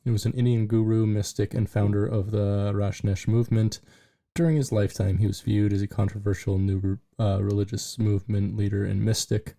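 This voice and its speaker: Gravelly low-voiced man joking crudely. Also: level tone, a little fast, warm tone. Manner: crude, joking, filler-heavy. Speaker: podcast co-host. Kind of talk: casual chat.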